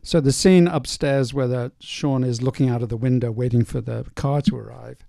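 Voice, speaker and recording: An older male film director in a casual stage Q&A, telling anecdotes in a relaxed way with many fillers. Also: mid-range voice, moderate pace, creaky, no room sound, studio quality. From North East England. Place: cinema auditorium.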